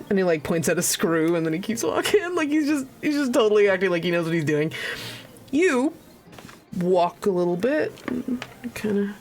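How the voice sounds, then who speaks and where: A woman's voice: mid-range voice, very animated, moderate pace. A woman narrating as game master, rambling with many restarts and laughs. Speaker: dungeon master. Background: faint music.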